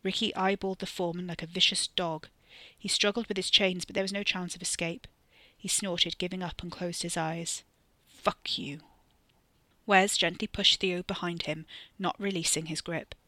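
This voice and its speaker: A narrator and author reading a scripted horror story with steady, varied emphasis on a close mic. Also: mid-range voice, normal speed, hardly any pauses, no room sound.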